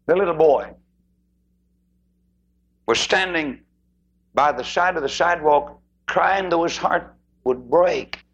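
A man preaching a sermon who moves emphatically between loud declarations and hushed asides. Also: a little high, slow, pauses often, breathy edge, dull audio.

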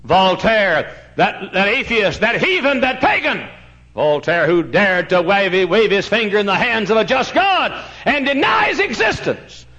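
Male pastor, fiery sermon, big pitch swings, dull lo-fi sound. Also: very animated, a little slow. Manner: fiery preaching, swings from shouts to hushed tones. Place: church sanctuary. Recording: dull lo-fi recording.

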